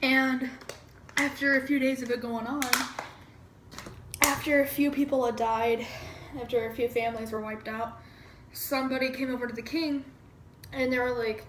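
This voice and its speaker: A woman's voice: high voice, steady tone, normal speed, long pauses, echoey room, a little hiss or hum, rough recording. A woman casually retelling a history lesson in a chatty, irreverent way, acting out quotes and swearing now and then. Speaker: amateur history explainer.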